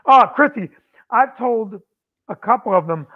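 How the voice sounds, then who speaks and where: High-voiced man on a tinny phone line. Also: measured pace. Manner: animated storyteller acting out quotes. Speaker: comedy club owner and comedian. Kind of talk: casual storytelling on a podcast.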